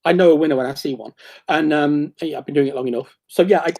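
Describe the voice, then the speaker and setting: A man in casual chat, excitable and rambling, with many restarts and bursts of acted-out quotes. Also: on the high side, fast talker, creaky.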